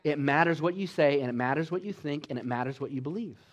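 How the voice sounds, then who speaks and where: Exhorting male preacher, fairly high voice. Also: fast talker, muffled recording. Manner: exhorting, with call-and-response asides; swings between loud emphasis and quiet, low delivery. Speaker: pastor. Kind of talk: sermon.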